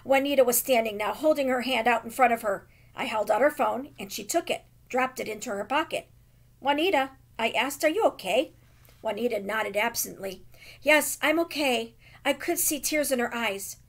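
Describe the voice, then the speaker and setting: A woman teacher reading a children's novel aloud with expressive, dramatic emphasis. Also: on the high side, a little fast, hardly any pauses.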